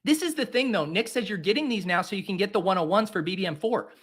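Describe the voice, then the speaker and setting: Animated young man, bright forceful voice. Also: high voice, fast, breathy edge. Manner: theatrical, exasperated self-mockery. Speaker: fantasy football host. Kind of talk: casual solo commentary while drafting.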